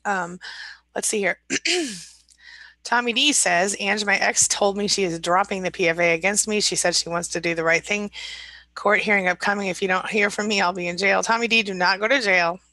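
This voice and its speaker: A woman hosting a casual live chat, reading viewer comments aloud and answering each one in a warm, supportive way. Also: medium pitch, normal speed, no room sound, poor audio. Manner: chatty and supportive, reads comments aloud then responds. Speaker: live-stream host and recovery coach.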